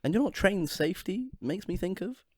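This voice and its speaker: Excitable young male podcast co-host. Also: high voice, brisk, no room sound, clean studio sound. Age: young adult. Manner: excitable, builds up punchlines. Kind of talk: casual chat.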